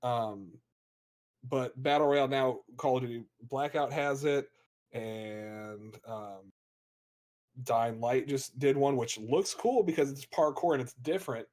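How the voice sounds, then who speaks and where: Laughing, animated American co-host. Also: male voice, medium pitch, a little slow. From United States (Florida). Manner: animated, laughs often, rambling. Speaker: podcast co-host and streamer. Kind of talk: casual gaming podcast chat.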